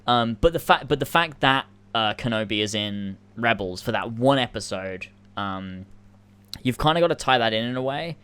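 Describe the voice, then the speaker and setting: A man's voice: medium pitch, expressive, moderate pace, a bit bright, clear, resonant tone. A man on a casual podcast chat, rambling through explanations full of fillers and restarts and laughing as he goes. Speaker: podcast co-host.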